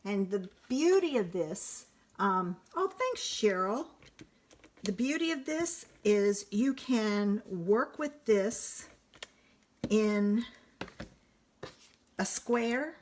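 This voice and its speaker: Slow, chatty woman crafting live. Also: mid-range voice, expressive, darkish tone, slight background noise. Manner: chatty, thinks aloud, slow and unhurried, self-correcting. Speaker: card-making demonstrator on a live stream. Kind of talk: casual live crafting demo.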